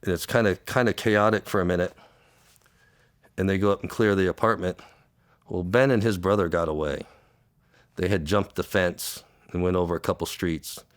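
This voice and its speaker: Male interview guest, former undercover cop: low voice, halting, repeats words, tearful, close dry sound. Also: steady tone, no room sound. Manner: halting, repeats words, acts out quoted dialogue. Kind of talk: emotional storytelling.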